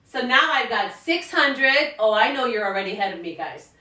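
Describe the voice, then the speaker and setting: Bright, upbeat woman teacher in an echoey room. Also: on the high side, expressive, normal speed. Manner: upbeat, encouraging, addresses kids as friends. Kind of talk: recorded math lesson for students at home. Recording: echoey room, mic at a distance.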